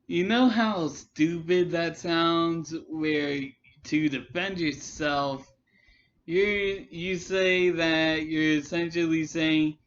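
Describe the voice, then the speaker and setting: A man ranting at a very slow, halting pace, restarting his sentences again and again. His voice sits somewhat high for a man, and he sounds exasperated. The recording is dull and lo-fi. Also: steady tone. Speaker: commentary vlogger. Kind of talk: rambling response rant.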